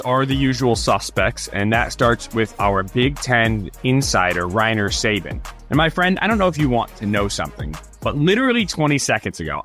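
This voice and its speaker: A man hosting a sports podcast in casual chat, chatty and quick with asides and laughs. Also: medium pitch, a bit bright. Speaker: podcast host.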